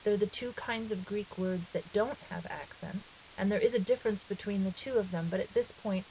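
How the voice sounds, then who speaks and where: Woman calmly explaining a grammar lesson. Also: medium pitch, a little fast. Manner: patient, methodical, with fillers and self-corrections. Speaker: Greek teacher. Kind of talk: recorded lecture explanation. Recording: dull lo-fi recording with faint hiss.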